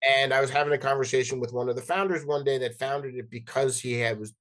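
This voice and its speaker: Animated middle-aged man telling stories. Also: mid-range voice, fast. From New Jersey and New York City, US. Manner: animated, acts out quoted dialogue, frequent restarts and "like". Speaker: podcast guest. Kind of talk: casual interview storytelling.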